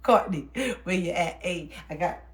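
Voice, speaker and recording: On a livestream, a young woman reads cards for her viewers in a casual chat, her voice lowish with fairly even intonation and a moderate pace. Laughter comes often, and she sounds soothing when offering reassurance, all in a roomy, echoing space.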